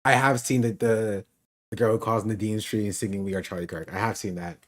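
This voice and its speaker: A man's voice: on the low side, fairly even intonation, brisk. A man hosting a stream, chatting casually with laughing asides. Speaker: streamer host.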